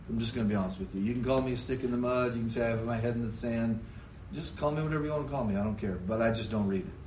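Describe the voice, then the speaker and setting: A man preaching a sermon in a conversational, storytelling manner, sometimes putting on quick mock voices for effect. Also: medium pitch, a little hiss or hum. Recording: echoey room with faint ambience.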